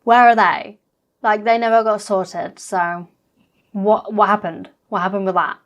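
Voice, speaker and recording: Girl chatting over a reality show, blunt, swears a lot, mid pitch. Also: steady tone, a little slow, dull audio. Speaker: reaction vlogger.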